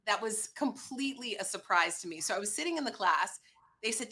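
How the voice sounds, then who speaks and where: Bright animated woman telling a story. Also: medium pitch, brisk. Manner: animated, acts out quoted voices. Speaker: guest. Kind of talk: personal storytelling on a talk show.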